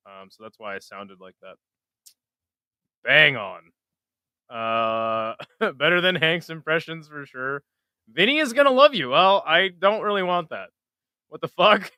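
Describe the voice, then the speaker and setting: A man casually hosts a live stream, swearing and joking at his own expense. His voice is bright and lively, with a smooth, clear tone. It sounds close and dry. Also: on the high side, no room sound. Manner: profane, self-mocking, mutters to himself. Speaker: livestream host.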